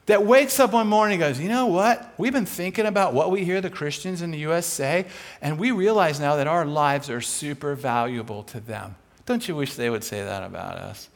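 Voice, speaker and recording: A man preaching a sermon, telling a Bible story with animated delivery and acting out the voices of its figures. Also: high voice.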